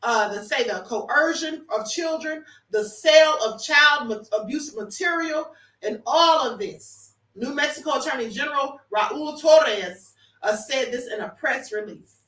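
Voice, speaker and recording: Bright high-voiced woman streaming commentary. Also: animated, unhurried, recorded from a distance. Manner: emphatic, talks to viewers as honey. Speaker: livestream host. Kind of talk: casual commentary livestream. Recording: roomy echo, off-mic.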